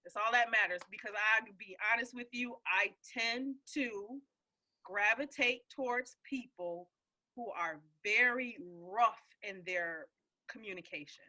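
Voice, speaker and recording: A woman's voice: mid-range voice, unhurried, bright, forceful tone. A woman hosting a casual community call, emphatic and encouraging as she talks. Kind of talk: casual group call chat.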